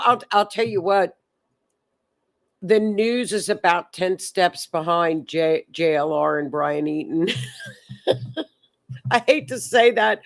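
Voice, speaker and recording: A woman hosting a live stream, chatting in a rambling way and reading viewer comments aloud. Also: fairly low pitch. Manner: chatty, rambling, repeats words. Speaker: livestream host.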